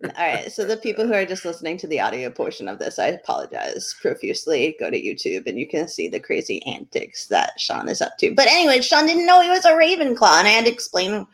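A woman's voice: mid-range voice, huge pitch swings, quick pace, hardly any pauses. A woman co-hosting a live podcast in casual chat, giggly and chatty, drifting off topic. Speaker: podcast co-host.

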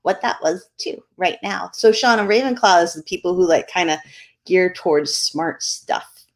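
A woman's voice: fairly low pitch, moderate pace. A woman co-hosting a live podcast in casual chat, giggly and chatty, drifting off topic. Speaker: podcast co-host.

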